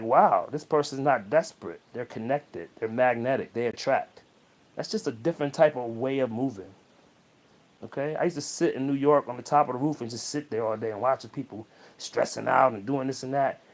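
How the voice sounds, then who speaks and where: A man talking straight to the viewer in a casual motivational monologue, preachy and repetitive, often checking in with a quick "okay?". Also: medium pitch. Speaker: motivational vlogger.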